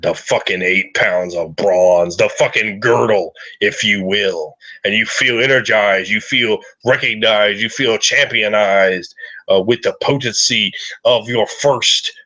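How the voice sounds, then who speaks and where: A man narrating a tabletop game as loud, swearing wrestling play-by-play, as game master. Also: lowish voice, a little slow, dull audio.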